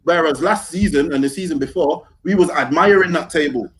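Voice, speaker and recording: A man's voice: on the high side, fairly quick. A man co-hosting a football podcast, arguing his point in slangy talk and often asking if you get what he's saying. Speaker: podcast co-host. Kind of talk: casual football podcast chat.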